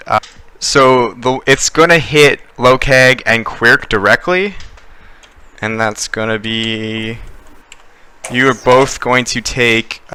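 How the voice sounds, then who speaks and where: A man's voice: mid-range voice, pushed and bright, clean tone. A young man running a tabletop game as game master, narrating with many fillers and restarts.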